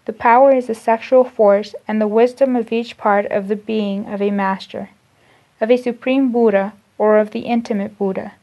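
A woman with a somewhat high voice reads esoteric spiritual teachings aloud, slow and deliberate, going back to restart and repeat her phrases. The recording is dull and lo-fi. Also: fairly even intonation, warm tone. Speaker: spiritual lecturer.

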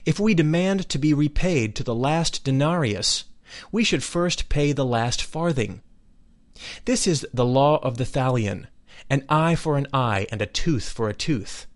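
A man giving a solemn, measured reading of a spiritual text, dwelling deliberately on each phrase. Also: medium pitch. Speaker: reader of spiritual teachings.

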